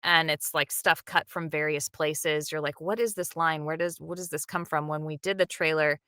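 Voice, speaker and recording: A woman's voice: deep voice, steady tone, moderate pace, bright, forceful tone, clear, resonant tone, no echo, clean studio sound. A woman, a dub director, talking animatedly in an interview and acting out the lines she quotes. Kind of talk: interview, behind-the-scenes talk.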